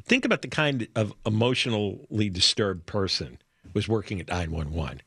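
A man's voice: on the low side, very animated, normal speed, fairly bright tone, breathy edge, dry recording. A man co-hosting a talk radio show, giving emphatic, exasperated opinions with stammered restarts.

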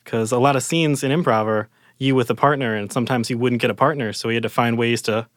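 A man co-hosts a show, explaining comedy history in an easy, agreeable way. His voice is smooth and resonant, recorded dry and close. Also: medium pitch, steady tone, fast talker, no room sound. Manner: informative, agreeable. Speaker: radio show co-host. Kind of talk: casual chat about comedy history.

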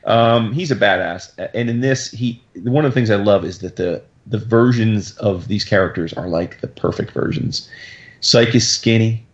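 A man hosting a podcast, recapping a comic in an excitable, profane, slangy way. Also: fairly low pitch, normal speed. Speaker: podcast host. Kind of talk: casual comic book recap chat. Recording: dull lo-fi podcast audio.

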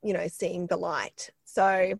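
A woman talks in a chatty, rambling way, full of ums and restarts. Her voice is croaky with a gravelly fry. The sound is close and dry, with no room around it. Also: on the low side, flat delivery, takes it slowly, no echo. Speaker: PR expert guest. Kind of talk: casual podcast interview.

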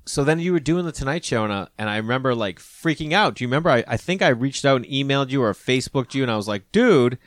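Comedian guy hosting a podcast, rambly and relaxed, dry close sound. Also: mid-range voice, fast, few pauses, dry recording. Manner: relaxed, rambling, acts out quoted people. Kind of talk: casual conversation.

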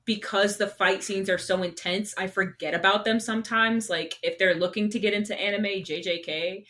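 A woman guest chatting casually, with a clear and bright voice. She giggles a lot and talks in quick, excited bursts. Her pitch sits in the middle. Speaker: guest, cosplayer. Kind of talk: casual chat.

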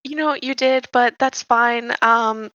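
A woman's voice: fairly high pitch, steady tone, takes it slowly, pushed and bright, no echo, muffled recording. A woman playing a tabletop game in character, wry and a little hesitant. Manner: wry, hesitant, laughs often. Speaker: player.

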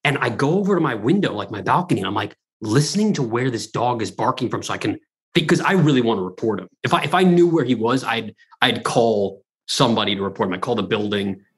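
Podcast co-host, male, slightly rough voice, chatty, restless, swears freely. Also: medium pitch, fast talker. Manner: rambling, animated, lots of restarts and profanity. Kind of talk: casual podcast banter.

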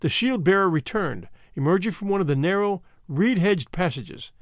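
A man narrating an adventure novel as an audiobook in an expressive, measured storytelling manner. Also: high-pitched, no room sound, studio quality.

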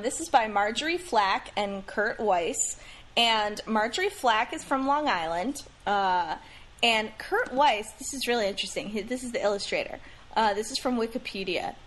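A woman co-hosting a relaxed podcast conversation, her voice sitting a little high. She talks in a chatty, hesitant way, filling gaps with ums, and a faint hiss sits under the recording. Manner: chatty, hesitant with many ums, laughs nervously. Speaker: podcast co-host. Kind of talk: casual chat about books.

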